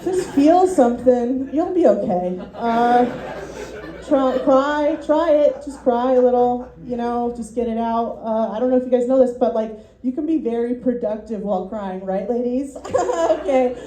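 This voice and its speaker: A woman's voice: fairly high pitch, normal speed, echoey room, crowd noise, poor audio. A woman doing a rambling, self-deprecating stand-up set at a student showcase, full of ums and little laughs, as the class's comedy teacher.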